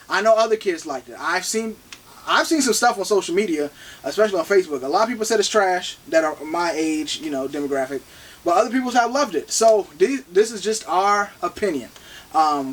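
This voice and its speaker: A man in his thirties co-hosting a casual movie review podcast, animated and playful, talking fast with lots of restarts. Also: sits high, far from the mic. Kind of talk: casual chat.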